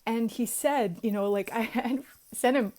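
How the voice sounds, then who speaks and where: A woman's voice: fairly high pitch, a little slow, darkish tone. A young woman talking casually to her viewers in a chatty way, with many fillers and frequent laughs. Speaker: vlogger. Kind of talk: casual confessional vlog.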